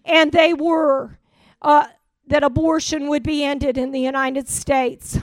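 A woman preaching, telling a spiritual testimony in an earnest storytelling way, sometimes trailing off quietly. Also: high voice, flat delivery, slow, no room sound. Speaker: prophetic speaker. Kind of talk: sermon testimony.

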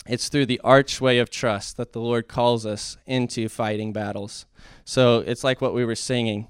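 A man's voice: mid-range voice, fairly even intonation, a little slow, clean tone, no echo, studio quality. A man giving an informal sermon, conversational and at times rising to fervent emphasis, with restarts along the way. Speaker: preacher.

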